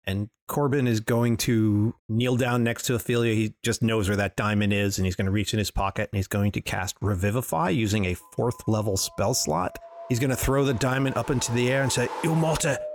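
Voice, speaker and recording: A man playing a cleric in a tabletop game, talking quickly and urgently. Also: on the low side, fairly even intonation, no echo. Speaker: player. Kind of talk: casual tabletop play.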